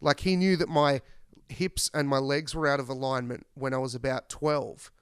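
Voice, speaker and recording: A podcast host telling rambling, profane stories in casual chat. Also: male voice, medium pitch, fairly even intonation, moderate pace, smooth, no echo, clean studio sound. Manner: rambling, profane, laid-back.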